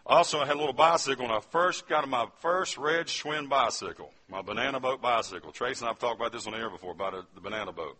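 Husky bright-voiced man giving a testimony. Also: mid-range voice, fast talker, few pauses. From West Virginia. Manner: storytelling, addresses the audience directly. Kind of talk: testimony sermon.

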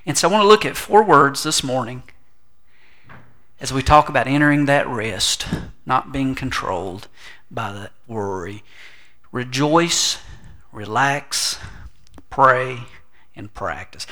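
A middle-aged man preaching a sermon with animated delivery, humorous asides and quoted voices. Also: medium pitch, unhurried. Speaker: pastor.

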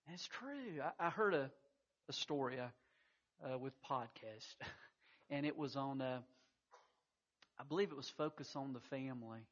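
A pastor preaching a sermon, telling stories in a folksy way with frequent stammered restarts. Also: male voice, mid-range voice, animated, normal speed, long pauses, a bit bright. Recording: muffled lo-fi recording.

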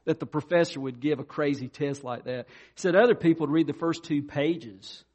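Man preaching, conversational storyteller, talks straight to the congregation, voice a bit on the high side. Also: normal speed, darkish tone, highs cut off. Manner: conversational storytelling preacher, addresses listeners directly. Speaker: pastor. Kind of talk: sermon.

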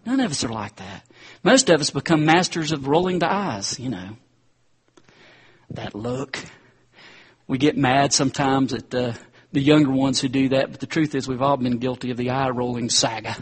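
A man's voice: mid-range voice, normal speed, husky. A man preacher giving a conversational sermon and often calling his listeners "guys.". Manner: conversational, addresses the crowd as guys.

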